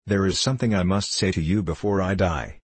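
A man's voice: a little fast, slightly rough, dry recording. A man reading a frail dying mother. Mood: weak, anxious. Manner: low, weak voice.

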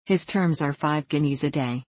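Woman reading as an eager, dull young gentleman. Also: deep voice, normal speed, no room sound. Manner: earnest and repetitive. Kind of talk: audiobook reading.

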